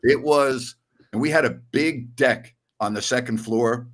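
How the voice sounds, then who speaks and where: A man's voice: mid-range voice, a little slow. A man in his sixties from New York, hosting a podcast and telling rambling stories with chuckles. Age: 60s. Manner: rambling storyteller, chuckles often. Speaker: podcast host. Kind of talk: casual chat.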